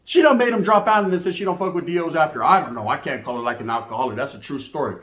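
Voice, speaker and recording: A man telling street stories in a loose monologue, full of slang and swearing. His voice sits fairly high for a man, and the room around him rings with echo. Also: very fast. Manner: slang-heavy, profane, animated. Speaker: storyteller host. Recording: echoey room.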